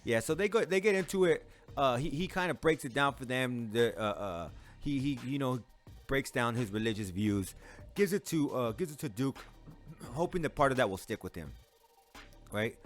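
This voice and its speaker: A man's voice: mid-range voice, big pitch swings, moderate pace, a bit bright, soft background music. A man casually reacting to a movie, talking in profane slang and laughing often. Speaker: movie reviewer.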